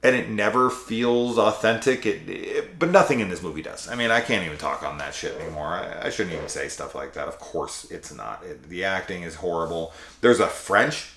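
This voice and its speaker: A man's voice: deep voice, animated, normal speed, vocal fry, few pauses, fairly bright tone. A man casually reviewing a horror sequel, rambling and sarcastic, swearing freely. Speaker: movie reviewer. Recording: echoey room.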